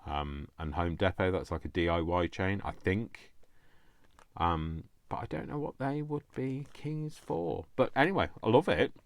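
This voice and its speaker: A middle-aged British man chatting casually while opening mail, rambling and excitable, prone to over-explaining. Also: low voice, measured pace, gravelly, dry recording. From United Kingdom. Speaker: crafting vlogger.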